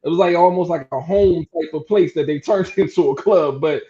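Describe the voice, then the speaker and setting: A man's voice: a little high, brisk, mellow, highs cut off. A man talking casually and laid-back, using lots of fillers. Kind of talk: casual chat.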